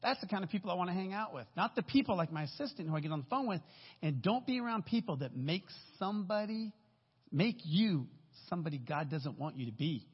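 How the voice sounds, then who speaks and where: Husky man in his fifties preaching. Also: sits high, expressive, quick pace. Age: 50s. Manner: casual, storytelling, folksy asides. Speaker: guest speaker. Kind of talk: conversational sermon. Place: church sanctuary. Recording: echoey hall, dull lo-fi sound.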